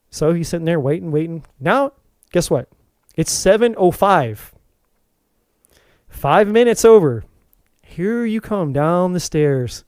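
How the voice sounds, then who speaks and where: A man hosting a spiritual talk to camera, telling an animated story, swearing freely, and often restarting his sentences. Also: on the high side, takes it slowly, pauses often, clean tone, dry recording. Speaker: tarot reader and spiritual channel host.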